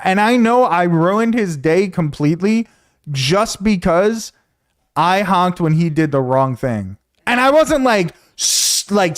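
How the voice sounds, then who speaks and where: A man streaming, telling a story to his chat in a casual, animated, profane way, often repeating himself. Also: on the high side.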